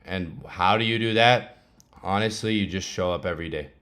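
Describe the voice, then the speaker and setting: A young man with a low, deep voice talks through his trading charts in a loose, chatty vlog. His speech is slangy and relaxed, with quick laughing asides. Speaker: trading vlogger.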